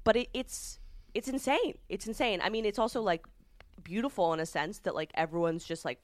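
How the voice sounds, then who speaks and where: A woman co-hosting a comedy podcast from home, telling animated stories with swearing and laughter. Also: mid-range voice, a little fast, no echo, clean studio sound. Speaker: podcast co-host. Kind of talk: casual comedic chat. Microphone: remote podcast mic.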